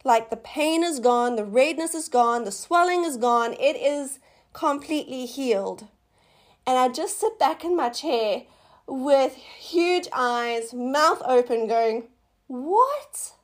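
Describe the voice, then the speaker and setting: Middle-aged woman host, higher-pitched voice, excitable devotional chat, animated exclamations. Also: slow. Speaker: faith podcast host. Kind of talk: casual testimony and devotional talk.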